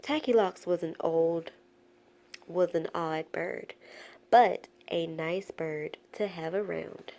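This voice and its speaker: A woman reading a children's picture book aloud in a playful, expressive way. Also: on the low side, takes it slowly, vocal fry. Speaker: storyteller.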